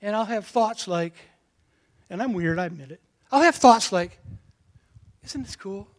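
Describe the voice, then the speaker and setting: A pastor preaches in a folksy, storytelling manner, his high-pitched voice animated at a normal speed. He shifts from quiet asides to loud calls aimed at the congregation.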